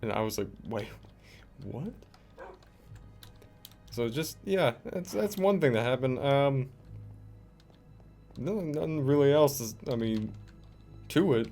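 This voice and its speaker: A man's voice: medium pitch, a little slow, pauses often. Rambling young man telling a story. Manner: rambling, lots of "like" and restarts, animated retelling. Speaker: gaming vlogger. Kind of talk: casual storytelling over gameplay. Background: faint background music.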